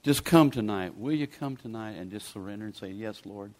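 A man's voice: lowish voice, fairly quick, a little mellow. A man, preaching a sermon in a folksy, pleading, conversational way as a guest preacher. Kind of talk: sermon with altar call.

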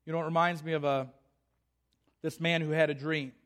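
A man's voice: on the high side, level tone, brisk, fairly bright tone. A man preaching a sermon with passion, repeating phrases and restarting his sentences. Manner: impassioned, repetitive, with frequent restarts.

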